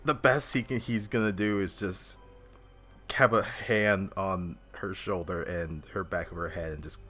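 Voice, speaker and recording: A man's voice: low-pitched, fairly even intonation, measured pace, a bit bright, faint music behind. A man playing a tabletop game who laughs often and describes his character's actions. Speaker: player. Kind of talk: casual tabletop play.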